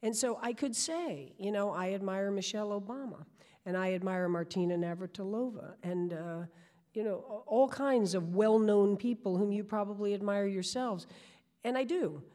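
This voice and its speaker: A woman, telling stories as a guest in an animated way and often restarting her sentences. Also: mid-range voice, moderate pace. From New York. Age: 60s. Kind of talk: storytelling.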